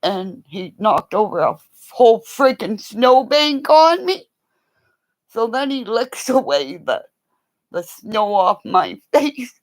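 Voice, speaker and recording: An older woman chatting casually on a livestream, telling rambling stories and now and then whispering softly to her dog. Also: on the high side, very animated, takes it slowly, low-quality recording. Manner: rambling storytelling, swings between loud exclamations and soft whispers to her dog.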